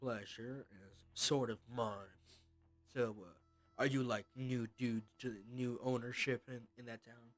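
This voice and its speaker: A man voicing a brash, gruff bandit leader who drawls and bosses his crew around. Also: medium pitch, steady tone, measured pace, faint music behind, close to an everyday voice. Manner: drawling and bossy, threatens to slap.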